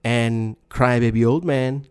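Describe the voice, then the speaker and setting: A man chatting casually as a podcast co-host, his voice sitting at an ordinary middle pitch. He rambles, stumbles and restarts his sentences often, laughing along as he goes. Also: fairly even intonation, slow, clear, resonant tone. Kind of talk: casual chat.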